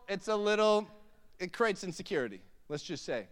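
A man's voice: high voice, lively intonation, normal speed, fairly bright tone. A man in his thirties preaching a sermon, mixing humorous family stories with emphatic preaching in a church hall. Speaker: pastor. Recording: long hall reverb.

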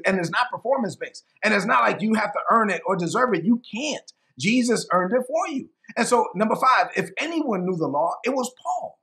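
A male preacher teaching a sermon to camera in an animated, conversational way, often repeating himself for emphasis. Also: sits high, gravelly.

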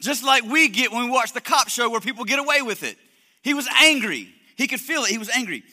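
A man delivers a sermon in an emphatic, animated manner, often repeating words as he drives points home. His voice is unusually high and very bright. A long hall reverb surrounds him. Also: brisk. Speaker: preacher.

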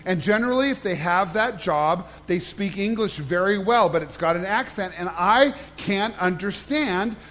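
A pastor with a high voice for a man preaches an easygoing sermon. He jokes and keeps checking in with the congregation as he goes. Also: lively intonation, normal speed, few pauses, fairly bright tone, slight background noise. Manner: conversational, joking, questions the congregation.

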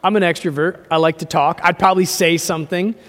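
High-voiced pastor preaching in a reverberant church. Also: male voice, steady tone, fast talker. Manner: earnest, repetitive preaching with fillers and restarts. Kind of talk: sermon.

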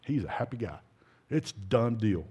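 A man's voice: on the low side, lively intonation, a little slow, dark tone, slightly rough. A middle-aged man preaching an informal, folksy sermon, rambling with restarts and asides.

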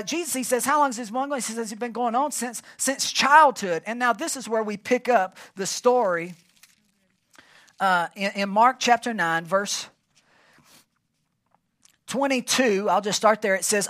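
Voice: mid-range voice, fairly bright tone. Emphatic pastor preaching. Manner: emphatic, asks the congregation to fill in words. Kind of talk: sermon. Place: church service.

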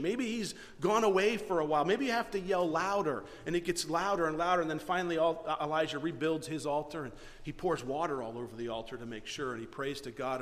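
A man preaching a sermon, retelling a story with animated energy and frequent restarts. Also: on the high side. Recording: long hall reverb.

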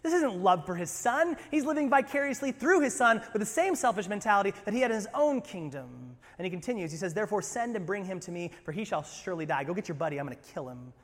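A pastor preaching a sermon, animated and conversational, with humorous asides. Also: male voice, sits high, quick pace, hardly any pauses, long reverb tail.

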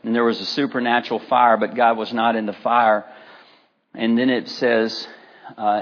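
A middle-aged man preaching a sermon as pastor, talking in a relaxed, anecdotal way with many fillers. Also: fairly low pitch, normal speed, lo-fi sound. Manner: conversational, anecdotal, with frequent fillers.

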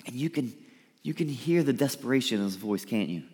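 A man preaching a sermon, lively and emphatic, sometimes dropping to a soft pleading voice to act out a quote. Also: mid-range voice, brisk. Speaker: pastor. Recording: reverberant hall.

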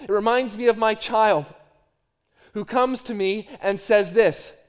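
A middle-aged man with a high-pitched voice preaches a sermon. His delivery moves between quiet, dropped phrases and louder emphatic runs of repetition. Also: a little slow, clean tone. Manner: varies from hushed to loud, repetitive emphatic phrasing. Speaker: pastor.

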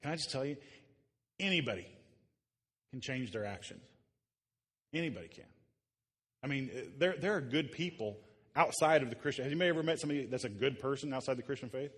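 A male pastor gives a relaxed, joking sermon to a congregation gathered in a church. He talks at an everyday middle pitch and often stops to restart his sentences, like someone chatting with the room. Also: a little fast, long pauses, breathy edge, big-room sound. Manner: casual, joking, with frequent restarts. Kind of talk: conversational sermon. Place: church before a live congregation.

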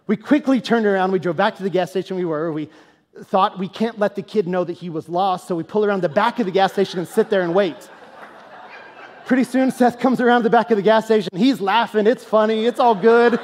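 High-voiced male pastor in a reverberant hall. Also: a little fast. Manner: conversational, animated storytelling that turns to earnest, quieter teaching. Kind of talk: storytelling sermon.

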